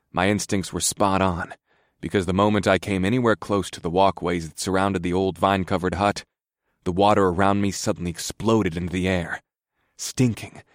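A man's voice: low-pitched, no echo, studio quality. A man narrating a first-person fantasy audiobook in a wry, grumbling, understated manner.

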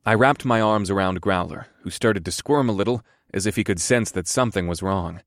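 An audiobook narrator with a low voice reads a first-person fantasy story in a measured, wry manner. The recording is close and dry, with no room sound and no echo.

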